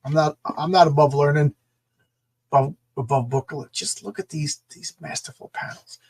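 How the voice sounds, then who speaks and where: A man chatting casually about a comic he loves, reading panels aloud and getting carried away with excitement. His voice sits a little high with a husky edge. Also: normal speed. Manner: enthusiastic, rambling, laughs and restarts often. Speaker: comic book show host.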